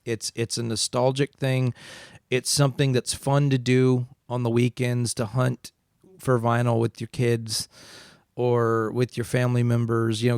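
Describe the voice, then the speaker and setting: A man's voice: mid-range voice, darkish tone, clear, resonant tone, no echo, clean studio sound. A man co-hosting an audio podcast, talking casually and opinionated, rambling through his points in a self-described facts-guy way. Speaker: podcast co-host. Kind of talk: casual chat.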